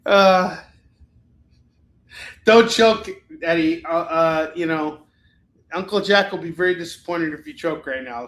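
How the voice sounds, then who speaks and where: A man's voice: a little high, a bit bright. Man casually selling comics on stream. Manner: casual and rambling, swears freely. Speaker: live shopping stream host selling comics. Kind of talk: casual live-stream sales chat. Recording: echoey room.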